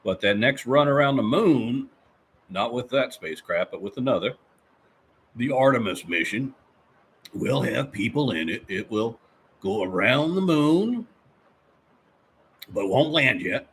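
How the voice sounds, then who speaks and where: A man voicing a folksy, rambling middle-aged handyman who clears his throat often while chatting with viewers. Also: medium pitch, expressive, a little slow, long pauses, fairly bright tone, a little hiss or hum. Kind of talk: live-stream character chat reading viewer comments.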